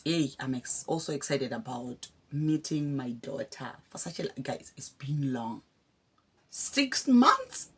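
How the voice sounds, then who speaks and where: Woman, Zimbabwean accent, young adult, low voice, husky, heartfelt casual vlog talk. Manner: heartfelt, addresses viewers as guys. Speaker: vlogger. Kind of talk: casual emotional talk to camera.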